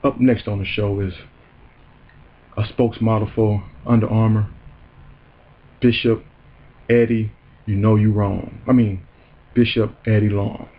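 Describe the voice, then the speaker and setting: A man's voice: fairly low pitch, flat delivery, measured pace, long pauses, narrow, tinny audio, slight background noise. A man hosting a comedy show, delivering a heated, profane and mocking rant. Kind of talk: ranting comedic commentary.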